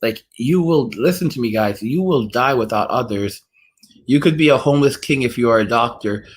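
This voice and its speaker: A man's voice: mid-range voice, moderate pace, breathy edge. A man hosting a casual livestream, answering his chat in a rambling way with many fillers and restarts. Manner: rambling, heavy use of "like" and restarts. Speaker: livestream host reading chat.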